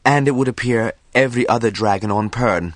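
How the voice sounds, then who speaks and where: A man voicing a commanding, sharp-tongued woman leader. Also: mid-range voice, a little fast, no echo, voice pushed up, close to an everyday voice. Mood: demanding. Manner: demanding, rebuking.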